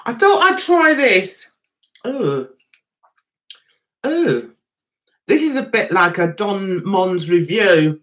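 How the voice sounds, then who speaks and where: A woman's voice: medium pitch, big pitch swings, slow pace, pauses often, a bit bright. A woman with a London Cockney accent hosting a casual livestream, chatting and reading viewer comments aloud. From England. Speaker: livestream host reviewing TV.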